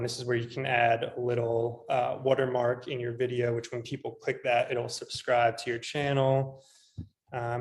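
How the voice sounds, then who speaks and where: A young man, a real estate agent, teaching a class in a casual, relaxed way with plenty of ums while walking through a screen demo. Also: mid-range voice. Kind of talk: casual instructional talk. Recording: echoey room.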